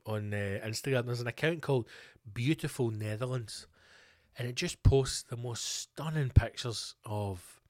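Scottish man, podcast host, casual sweary rambling, mid-pitched voice, dry close mic. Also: no echo. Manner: chatty, sweary and animated, prone to ranting. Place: home podcast studio.

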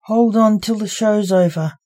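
A woman's voice: medium pitch, measured pace, warm tone, lightly acted. Woman voicing a huffy vampire stage assistant. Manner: huffy, sarcastic.

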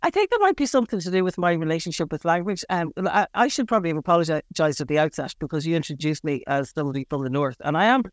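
A woman's voice: deep voice, lively intonation, quick pace, few pauses, dry recording, clean studio sound. A middle-aged woman with an Irish accent, a writer talking frankly in an interview, self-deprecating and hesitant, with many restarts and fillers. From Northern Ireland. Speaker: writer guest. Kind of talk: casual interview talk.

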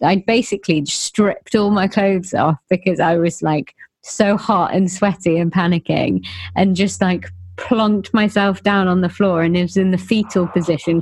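A woman's voice: on the low side, moderate pace, darkish tone, no echo. A woman in her thirties telling a personal story in casual chat, rambling with self-corrections and nervous laughs.

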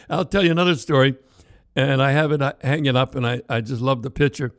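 A man's voice: mid-range voice, fairly quick, dry recording. Older man rambling through anecdotes, dry close sound. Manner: rambling, animated, with frequent restarts and laughs. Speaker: storyteller co-host. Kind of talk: casual anecdote telling.

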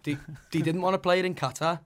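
A young man with a thick Scouse accent talks through a casual chat in a slightly high voice. He rambles and swears, and tacks "you know what I mean" onto his sentences. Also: fairly even intonation, quick pace, a bit bright. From Liverpool, England. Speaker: musician.

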